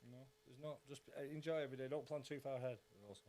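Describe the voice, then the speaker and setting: A man's voice: mid-range voice, level tone, racing, warm tone, slight background noise. A man chatting as a podcast guest, rambling and swearing freely. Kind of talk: casual chat.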